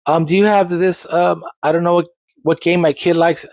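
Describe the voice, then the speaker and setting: A man voicing a flustered, unsure parent shopping for a game, hesitant and halting with ums. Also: fairly high pitch, steady tone, darkish tone, no room sound, pitched above the performer's own voice, natural voice.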